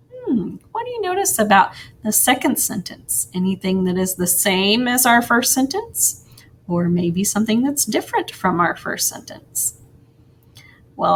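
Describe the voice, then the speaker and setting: This recorded grammar lesson for young children comes from a woman teacher with a mid-range voice. She moves slowly and sing-song, softly encouraging the kids as she goes.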